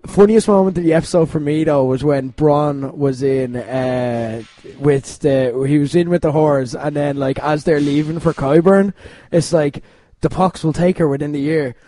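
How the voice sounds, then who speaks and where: A man, co-hosting a casual chat, animated, laughing often and mimicking characters. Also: on the high side, a little slow, few pauses. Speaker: podcast co-host.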